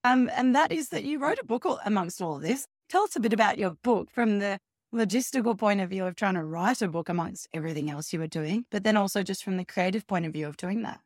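Woman host, mid pitch, dry close sound, enthusiastic interviewer. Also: lively intonation, quick pace, a little mellow, no room sound. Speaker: podcast host. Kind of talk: podcast interview chat.

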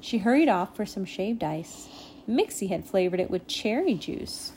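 A woman reading a children's storybook aloud in a gentle, expressive way. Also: mid-range voice, moderate pace, a little hiss or hum. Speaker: storybook reader.

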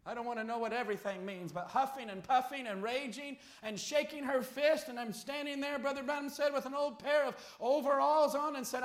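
Preacher guy, really high pitched, gets loud and fired up, echoey church sound. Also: a little fast, few pauses. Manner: storytelling preacher, rising to shouts. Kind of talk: sermon.

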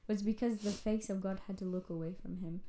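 Earnest woman, mellow voice. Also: medium pitch, steady tone, quick pace. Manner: affirming, earnest. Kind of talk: casual faith chat.

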